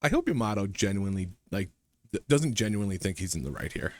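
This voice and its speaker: Laid-back low-voiced male streamer. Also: sing-song, fast, dry recording. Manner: rambling, laughs often, swears freely. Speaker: streamer reacting to a clip. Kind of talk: casual chat.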